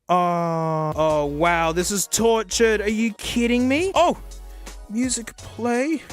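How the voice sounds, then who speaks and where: Male vlogger, sarcastic and excitable, very lively pitch, faint music behind. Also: slow. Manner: excitable and sarcastic, laughs often. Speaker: gadget reviewer. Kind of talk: casual product review vlog.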